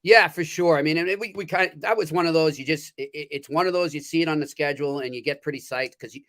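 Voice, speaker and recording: A man's voice: fairly high pitch, fast, fairly bright tone. A man in a casual sports chat as a hockey beat writer, speaking candidly and often restarting his sentences.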